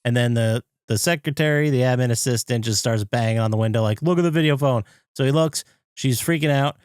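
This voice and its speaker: Guy on a podcast recapping a movie, does squeaky voices for the characters, dry close mic. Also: a little fast, clean tone, no echo. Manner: animated retelling, jumps into high-pitched impressions of characters. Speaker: podcast co-host. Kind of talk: casual movie recap chat.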